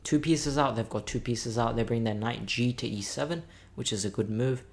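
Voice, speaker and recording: A man's voice: medium pitch, normal speed, gravelly. A chatty man with a middling voice talks to his viewers while he plays chess without sight of the board. He sounds a bit tired and mutters his moves to himself as he thinks. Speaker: chess content creator. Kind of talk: thinking aloud while playing blindfold chess.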